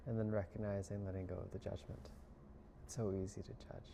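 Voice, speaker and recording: A man speaking as a spiritual healer in a slow, soft, reflective monologue, often drifting into a whisper. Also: lowish voice, little pitch movement, gravelly, background noise.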